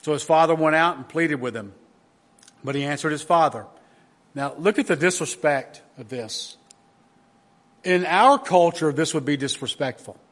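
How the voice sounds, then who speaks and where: High-voiced pastor preaching. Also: male voice, moderate pace, pauses often, fairly bright tone. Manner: earnest, emphatic preaching with repeated restarts. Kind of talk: sermon.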